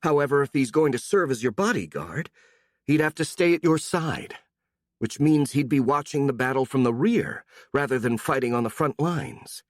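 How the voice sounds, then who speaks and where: A man voicing a calm, matter-of-fact young woman with a sly, sarcastic edge, in an audiobook. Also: mid-range voice, normal speed, no room sound, voice pushed up, lightly acted. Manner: calm, dry, a bit sarcastic.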